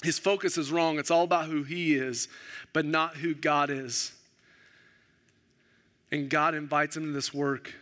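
A male pastor preaching a sermon, animated and self-deprecating, acting out the dialogue of the story. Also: fairly high pitch, measured pace, long pauses.

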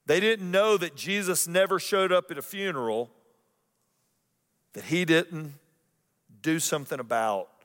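A male pastor preaching to his congregation, his voice carrying a long hall reverb through the sanctuary. He drops to near-whispers for tender points, then rises loud and slow to stress key lines, often repeating a phrase for weight. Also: mid-range voice. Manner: dramatic swings between loud emphasis and hushed intimate lines. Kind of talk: sermon.

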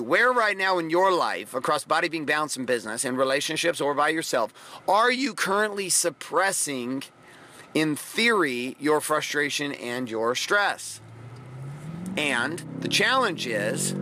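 A man's voice: a little high, sharp tone, a little hiss or hum. A middle-aged man hosting a motivational podcast, talking bluntly and profanely with lots of energy. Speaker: podcast host. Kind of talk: motivational monologue.

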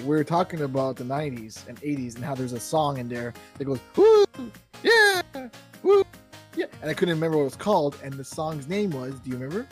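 A man's voice: on the high side, darkish tone. A man from Canada co-hosting a podcast in casual chat, joking and laughing at his own jokes. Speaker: podcast co-host.

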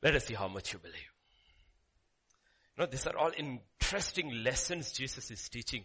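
A man preaching a sermon, emphatic and repetitive, swinging from loud calls to hushed lines. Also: mid-range voice, sing-song, normal speed, long pauses, husky.

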